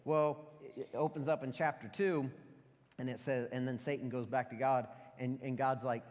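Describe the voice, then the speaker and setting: A man's voice: mid-range voice, moderate pace. A man preaching a casual sermon, telling Bible stories and acting out the voices of the people in them. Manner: casual, animated storytelling with acted-out quotes. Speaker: pastor. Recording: church hall with long reverb.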